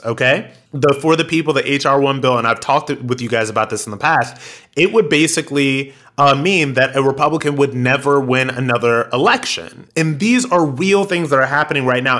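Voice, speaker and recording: Bright, animated male podcast host. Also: mid-range voice. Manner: animated, with many fillers and restarts. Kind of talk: casual commentary.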